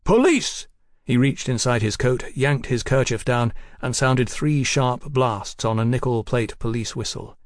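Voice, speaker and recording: A man narrating an audiobook in a steady, even storytelling manner. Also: mid-range voice, no echo.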